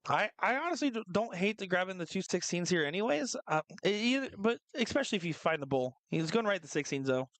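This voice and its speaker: A man commentating live darts, chatty and joking, with quick analytical asides. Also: sits high, sing-song, a bit bright.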